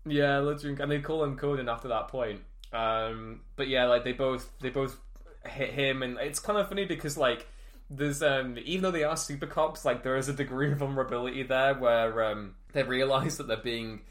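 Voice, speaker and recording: A man co-hosting a film podcast in casual chat, animated and laughing often as he recounts scenes. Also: mid-range voice, moderate pace. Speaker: podcast co-host.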